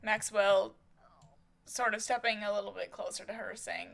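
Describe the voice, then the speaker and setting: A woman's voice: mid-range voice, sing-song, moderate pace, gravelly, fairly bright tone. A woman casually narrating a life-sim soap opera as she plays, describing each action with many fillers.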